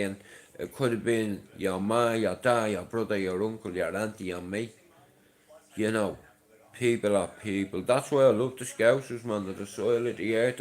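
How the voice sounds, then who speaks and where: A man's voice: lowish voice, a little mellow. A middle-aged man with a Dublin accent, chatting casually to his livestream viewers, rambling and swearing freely, with a chesty voice from a chest infection. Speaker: livestream host.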